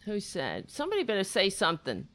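A woman's voice: mid-range voice, huge pitch swings, fast, a bit bright, no echo. A woman hosting a casual livestream chat, rambling, swearing and putting herself down. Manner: self-deprecating, rambling, swears a lot. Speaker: livestream host.

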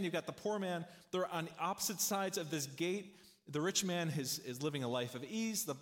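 Male pastor, middle-aged, chatty sermon with jokes, slightly high voice. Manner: conversational, folksy, tells jokes. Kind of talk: sermon with storytelling.

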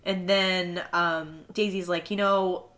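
A woman's voice: on the low side, slow. A young woman co-hosting a casual recap podcast, laughing often and acting out quotes from the episode. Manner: animated, laughing, acts out quotes. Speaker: podcast co-host.

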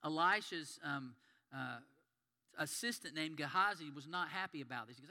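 A man's voice: a little high, animated, moderate pace, sharp tone. A man preaching a sermon in an earnest, conversational storytelling manner. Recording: long hall reverb.

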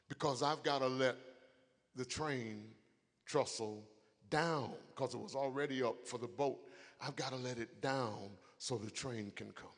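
A man preaching a sermon, moving from a quiet story to shouted, crying high points. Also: unhurried, big-room sound. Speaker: pastor.

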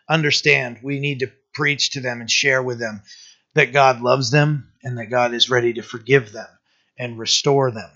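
Male preacher, bright tense tone, muffled lo-fi church tape. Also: mid-range voice. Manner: conversational preaching with restarts and rising emphasis. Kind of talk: sermon.

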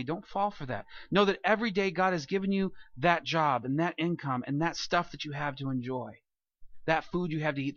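A man preaching a sermon as pastor, animated, asking rhetorical questions and acting out quoted voices. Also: high-pitched, dull audio.

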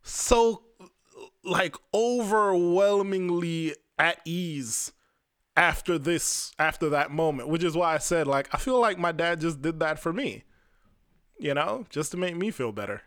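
A man's voice: fairly high pitch, a little slow, a bit bright, no room sound, studio quality. A young man hosting a podcast, telling a personal story in a candid, profane way, full of "like" and restarts. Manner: candid, profane, fills talk with "like". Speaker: podcast host.

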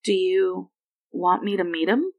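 A woman's voice: on the low side, a little slow, darkish tone. A woman voicing a young boy, an eager and then worried son, in a raised, boyish voice.

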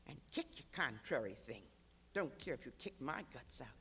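A worn, defiant pregnant rural wife pleads and prays in bursts , as the reader puts her on. The voice sits high. This is a live reading of a novel. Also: lively intonation, a little fast, a bit bright, long reverb tail, slight background noise. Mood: tearful prayer.

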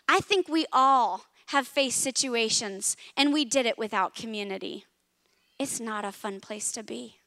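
High bright-voiced woman preaching. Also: measured pace, no echo, clean studio sound. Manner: storytelling, rising to impassioned emphasis. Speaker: pastor. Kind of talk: sermon.

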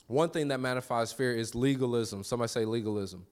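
Preaching in a smooth, mid-range voice, a pastor keeps his sermon conversational, with quick restarts and call-and-response exchanges with the congregation.

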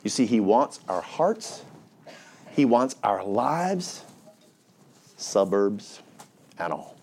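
A man's voice: on the low side, very animated, extremely slow, a little mellow, a little hiss or hum. A male pastor delivering a sermon in a church, full of rhetorical questions and call-and-response with the congregation.

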